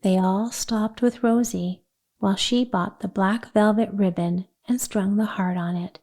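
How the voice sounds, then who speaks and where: Audiobook narrator, woman, calm measured read, unhurried. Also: mid-range voice. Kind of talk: scripted narration of a children's book.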